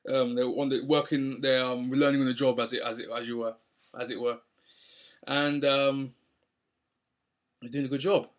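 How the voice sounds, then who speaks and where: A man's voice: medium pitch, flat delivery, normal speed, pauses often. Rambling young guy. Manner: rambling, many ums and restarts. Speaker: wrestling show reviewer. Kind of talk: casual recap.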